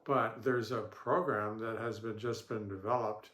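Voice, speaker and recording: A man speaking as a stuttering therapist, giving a calm instructional talk in slow, deliberate phrases with pauses and the odd throat-clear. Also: lowish voice. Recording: echoey room.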